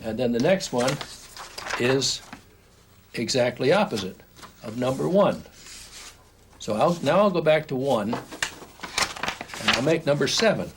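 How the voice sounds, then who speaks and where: Drawing as he talks, an older man gives a step-by-step animation lesson captured on old home video, restarting often. His medium-pitched voice has lively intonation, but his pace is slow and broken by long pauses. Faint noise sits in the background.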